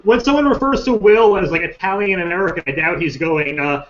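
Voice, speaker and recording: A man's voice: high voice, a little fast, fairly bright tone. A man speaking as a panel guest, casual and matter-of-fact. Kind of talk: casual debate. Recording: lo-fi web stream audio.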